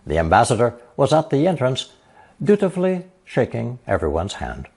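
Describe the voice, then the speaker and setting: A man narrating a scripted language lesson, reading example sentences slowly and then translating each one. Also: fairly low pitch, a little mellow, slightly rough. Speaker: language teacher.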